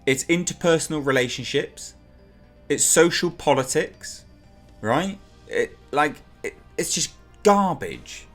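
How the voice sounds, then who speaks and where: A man's voice: expressive, slow, a bit bright, soft background music. A man reviewing a TV show in a ranting vlog, sarcastic and exasperated, swearing and repeating himself for emphasis. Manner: exasperated, sarcastic, mocks characters in high put-on voices.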